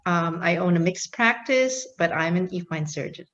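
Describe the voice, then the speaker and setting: A woman's voice: fairly low pitch, normal speed, few pauses, lo-fi sound. A woman from Thailand with an American accent, cheerful and playful in a casual panel chat over a video call. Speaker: association president, surgeon.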